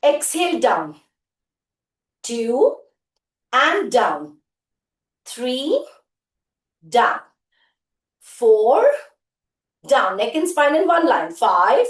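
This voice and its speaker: A woman's voice: fairly high pitch, big pitch swings, very slow, pauses often. A woman leading a live group workout, counting reps and giving short cues and praise. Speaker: fitness instructor. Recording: echoey room.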